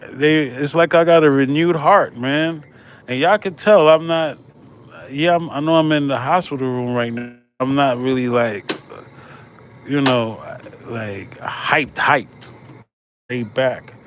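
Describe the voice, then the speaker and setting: A man's voice: mid-range voice, a little hiss or hum. A man hosting a casual livestream from a hospital room, slangy and laid back as he chats with viewers. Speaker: livestream host.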